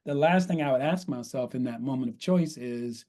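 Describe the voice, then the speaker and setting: A man, a consultant guest on a podcast, explaining in a measured way and often checking in with "right?". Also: medium pitch, mellow. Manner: measured, repeats "right?", acts out sample dialogue. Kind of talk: podcast interview, coaching explanation.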